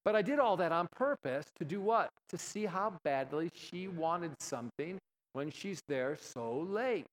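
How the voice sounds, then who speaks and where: A man's voice: fairly high pitch, animated, unhurried, poor audio. A man preaching a sermon, telling a story and acting out both sides of the dialogue with animation.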